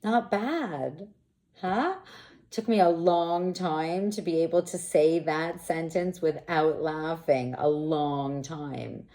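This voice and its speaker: Slow and low-voiced, a woman working as an intimacy coach gives a frank, direct-to-camera monologue full of expression and lively bursts. The recording has an echoey room sound.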